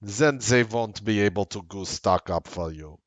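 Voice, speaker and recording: A man's voice: fairly low pitch, measured pace, no room sound, lightly acted. A man putting on a smug Russian-accented CEO. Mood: reassuring. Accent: mock Russian. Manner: breezy, reassuring, slangy.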